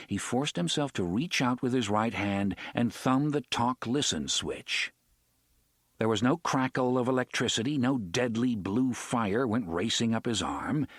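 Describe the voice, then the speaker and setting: A man's voice: medium pitch, dry recording, studio quality. A man narrating an audiobook expressively, giving each character a voice of his own.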